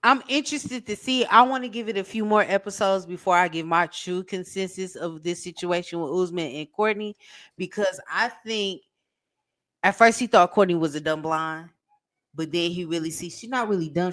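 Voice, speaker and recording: Lower-voiced woman co-host, laid-back opinions. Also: moderate pace, a bit bright. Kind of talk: casual reality TV recap chat.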